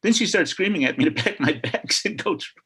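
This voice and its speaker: An older man from Chicago, a historian guest on a video call, telling a story in a lively way and acting out the people he quotes. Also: sits high, brisk, slightly rough. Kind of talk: animated storytelling.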